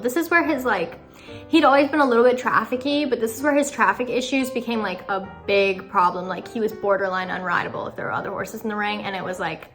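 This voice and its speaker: A woman's voice: a little high, fairly bright tone. A teenage girl giving a casual, dramatic and self-mocking recap of her horse shows, full of fillers. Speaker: equestrian vlogger. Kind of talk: casual chat. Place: outdoors in snow at a horse show.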